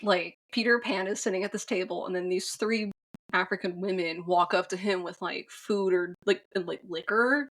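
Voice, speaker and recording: A woman's voice: fairly low pitch, normal speed, fairly bright tone. A woman co-hosting a podcast, recapping a film in a rambling, casual way with many fillers and frank swearing. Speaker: podcast co-host.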